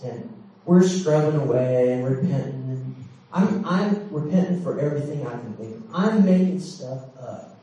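In a big church hall, a middle-aged man delivers a sermon built around a candid personal story, swinging dramatically and laughing along the way. His mid-range voice is mellow at a normal speed, and the echoey recording, made from far off, has its highs cut off.

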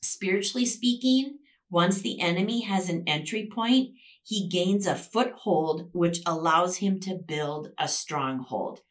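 A woman's voice: on the low side, unhurried, far from the mic. A woman hosting a Christian devotional podcast, teaching emphatically and repeating key phrases for stress.

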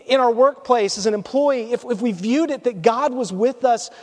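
Man preaching, high voice, casual storytelling sermon, long hall reverb. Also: normal speed. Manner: conversational and storytelling, drops to hushed tones for emotional moments. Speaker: pastor.

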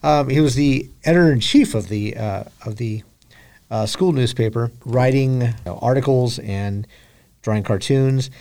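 A man's voice: mid-range voice, moderate pace, gravelly, warm tone. A man co-hosting a podcast, telling a story in casual chat with dry jokes and frequent hesitations. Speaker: podcast co-host. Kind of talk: casual chat over drinks.

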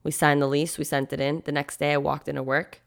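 Woman, young adult, podcast host, candid storytelling, low pitched, vocal fry. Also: brisk. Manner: candid, animated retelling with quoted asides and frequent "like".

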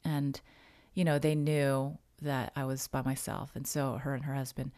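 A woman recounting a personal story in conversation, reflective and halting, often restarting her sentences. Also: very deep voice, level tone, darkish tone, no echo, clean studio sound. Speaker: podcast guest sharing a personal story.

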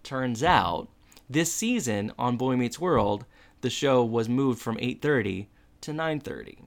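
Podcast co-host, casual storyteller, mid pitch, plays out the scenes. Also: animated, a little slow, creaky. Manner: storytelling, acts out lines in raised voices. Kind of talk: casual chat recapping a TV episode.

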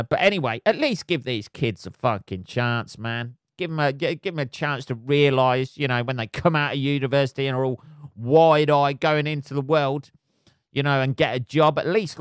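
A man hosting his own podcast, ranting casually with lots of swearing and trailing off into low mutters. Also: clear, resonant tone, no echo, studio quality. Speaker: podcast host. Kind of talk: casual solo rant.

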